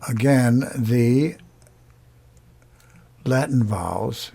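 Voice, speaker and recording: A man teaching a lesson on vowels, explaining slowly and demonstrating each sound aloud. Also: medium pitch, creaky, mellow, breathy edge. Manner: unhurried, pausing often, demonstrating sounds. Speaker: singing teacher.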